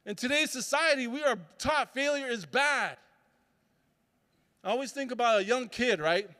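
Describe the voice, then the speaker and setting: A man's voice: extremely high pitch, moderate pace, pushed and bright. A man giving a motivational talk as a summit speaker. He tells stories and acts out voices and sounds. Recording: reverberant hall.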